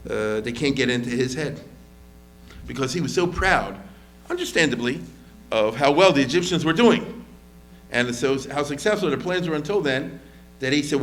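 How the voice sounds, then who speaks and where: Speaking at a moderate pace in a medium-pitched voice, a rabbi delivers a laid-back history talk. He keeps it conversational, filling pauses, restarting sentences, and performing quotations with animated voices.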